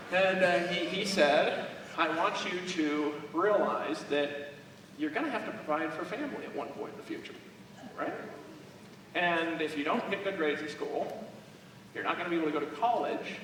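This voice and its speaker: A motivational speaker from Alaska addresses a crowd live on stage in a large event hall, telling rambling, joking stories about his life. His voice is a little high, with background noise, and the echoey hall was recorded from far off.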